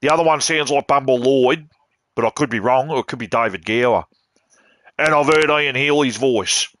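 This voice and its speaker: A man's voice: medium pitch, moderate pace, a bit bright, a little hiss or hum. An Australian man streaming a game, ranting bluntly and swearing as he talks. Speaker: gaming streamer. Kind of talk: casual ranting while playing.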